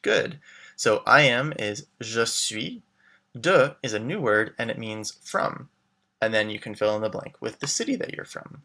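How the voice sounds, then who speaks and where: A man teaching a beginner language lesson, modeling phrases slowly and clearly, then glossing them and prompting the learner to answer. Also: fairly low pitch, animated, bright, forceful tone. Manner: clear, slow modeled pronunciation with English glosses. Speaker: French teacher.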